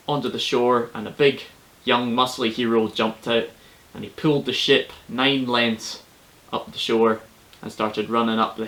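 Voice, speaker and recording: A man retelling an old legend in a casual, spoken way. His delivery is relaxed and chatty, full of colloquial asides, at an ordinary pitch for a man. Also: rough recording. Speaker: storyteller. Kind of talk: casual oral storytelling.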